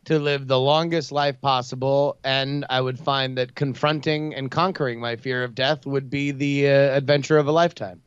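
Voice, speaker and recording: Joking male player, smooth voice, muffled dry recording. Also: mid-range voice, steady tone, moderate pace, few pauses, dry recording. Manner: mock-tough, jokey. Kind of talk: playing a tabletop game in character.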